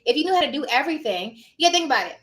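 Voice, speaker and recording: Woman, high voice, emphatic, motivational live-stream host, casual chat. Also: very fast. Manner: emphatic, animated, talks straight to viewers.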